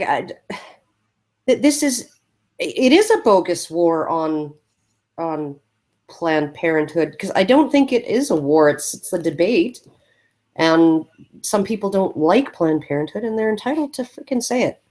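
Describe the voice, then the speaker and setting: Woman podcast co-host, lower pitch, halting and blunt, casual talk. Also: lively intonation. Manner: hesitant, many fillers and restarts, blunt. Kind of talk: casual discussion.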